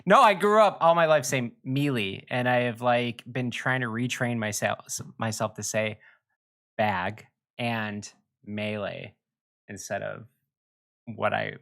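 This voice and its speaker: A man's voice: medium pitch, unhurried, gravelly, a bit bright. A young man with a Wisconsin accent chatting and laughing while streaming a game. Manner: rambling, laughs often. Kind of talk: casual chat while playing a game. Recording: noisy home mic.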